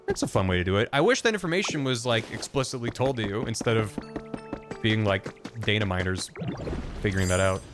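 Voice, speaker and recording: A man streaming a video game who thinks aloud in a rambling, casual way and reads in-game text out loud. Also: fairly low pitch, expressive, fairly quick. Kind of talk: casual gameplay commentary. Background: game music.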